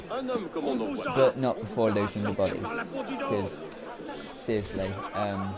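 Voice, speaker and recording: A man's voice: on the low side, lively intonation, takes it slowly, pauses often, a loud crowd. A man giving casual, rambling commentary while playing a video game, hesitating often with filler words. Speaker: let's play commentator. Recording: game audio noise behind voice.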